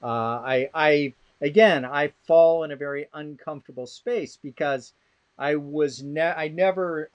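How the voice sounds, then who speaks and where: A middle-aged man, a guest expert in an interview, telling rambling, blunt, sardonic stories with many restarts. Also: on the high side. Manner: rambling anecdotal storytelling with restarts. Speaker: guest expert on law of armed conflict. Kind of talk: casual interview conversation.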